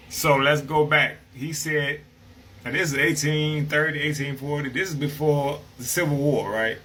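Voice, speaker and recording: A man's voice: a little high, steady tone, moderate pace, pushed and bright, slight background noise, poor audio. A man reading passages from an old book and explaining them in a casual, conversational way, often checking in with "right?". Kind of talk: casual explanatory talk with read-aloud quotes.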